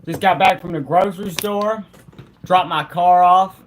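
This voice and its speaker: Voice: mid-range voice, a little slow, a crowd in the background. A live streamer chatting casually with viewers in a laid-back, slangy way and laughing often.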